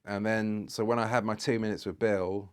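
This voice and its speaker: A man's voice: lowish voice, flat delivery, moderate pace, clear, resonant tone. A British man telling stories as a guest on a podcast, rambling along with lots of fillers and restarts. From Britain. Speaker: guest photographer. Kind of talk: anecdotal podcast storytelling.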